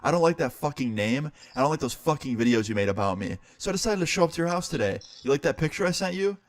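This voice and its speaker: A man's voice: on the high side, expressive, fast, dry recording, voice pushed up, lightly acted. A man voicing a brash young female stalker who talks bluntly and swears. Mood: taunting.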